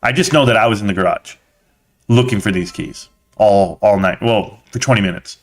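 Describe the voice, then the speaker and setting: A man's voice: lowish voice, moderate pace. A man hosting a casual live stream, chatting with viewers as a slangy, blunt storyteller.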